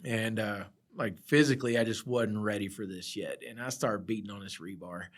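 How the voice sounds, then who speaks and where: A man's voice: fairly low pitch, moderate pace. A middle-aged man, a project surveyor, telling rambling work stories in a casual chat, laughing often. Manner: laid-back rambling storyteller, laughs often. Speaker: project surveyor, podcast guest.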